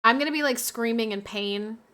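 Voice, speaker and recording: Bright-voiced blunt young woman. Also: a little high, brisk. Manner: blunt, crude and laughing. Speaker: streamer. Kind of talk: casual chat.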